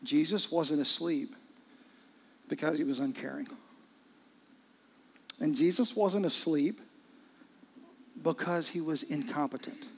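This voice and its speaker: A middle-aged man preaching a sermon, his delivery swinging from hushed, intimate lines to loud, urgent ones. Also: fairly high pitch, slow pace, long pauses, slight background noise. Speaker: pastor.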